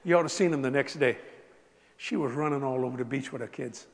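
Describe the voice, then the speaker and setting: A man preaching a sermon as a story, animated, swinging from soft asides to loud bursts. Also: mid-range voice, brisk. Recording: long hall reverb.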